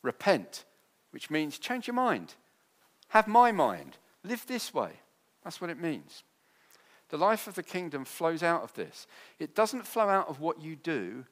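Guy preaching, fairly high voice, goes from soft to loud and fired up. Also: very animated, a little slow. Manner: swings from hushed and tender to loud and rousing. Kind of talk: sermon.

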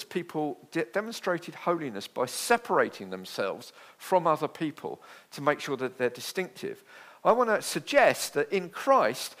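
Male pastor, sermon delivery, conversational with light jokes, very lively pitch. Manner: animated, conversational preaching with asides and jokes.

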